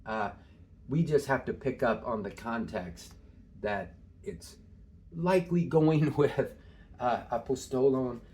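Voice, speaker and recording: A man's voice: medium pitch, takes it slowly, darkish tone. A man teaching Greek in a casual, thinking-aloud way, with many fillers and small laughs. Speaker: Greek tutor. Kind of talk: informal screen-share lesson.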